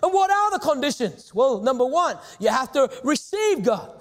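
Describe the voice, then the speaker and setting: A middle-aged man preaching with a strikingly high voice. He drives his points home emphatically, rising to sudden shouts and slowing down to repeat key phrases. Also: very animated, in a large hall. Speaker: pastor. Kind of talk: sermon.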